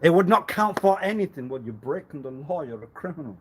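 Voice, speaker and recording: A man's voice: fairly high pitch, animated, brisk, slight background noise, rough recording. A man in a rambling live-stream monologue, lecturing with repeated rhetorical questions, laughing often and repeating himself. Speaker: livestreamer.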